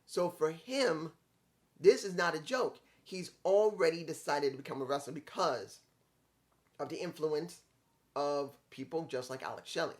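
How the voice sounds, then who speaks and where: A man's voice: on the high side, measured pace. A man reviewing a wrestling show in casual, rambling commentary, getting frustrated and stumbling over names.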